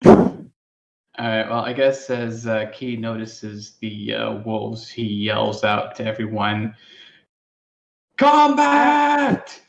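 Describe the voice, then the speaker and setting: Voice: mid-range voice, little pitch movement, takes it slowly, creaky, muffled recording. A player in a tabletop game over voice chat who swears freely and bursts into dramatic outbursts. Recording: echoey room with faint noise.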